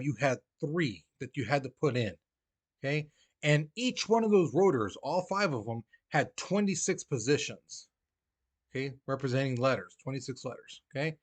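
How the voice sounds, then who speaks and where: A man teaching a history lesson in a casual, conversational way, often checking in with the listener. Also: mid-range voice. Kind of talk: recorded classroom lecture.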